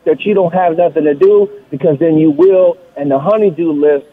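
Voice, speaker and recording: A man's voice: on the high side, normal speed. A man calling in to a radio show, giving laid-back joking advice over the phone. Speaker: caller. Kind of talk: casual call-in chat. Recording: tinny phone line.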